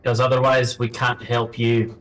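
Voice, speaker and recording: A man speaking in character during a tabletop role-playing game, confident and persuasive. He sounds a little distant from the mic, with soft music underneath. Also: mid-range voice, little pitch movement, normal speed. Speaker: player.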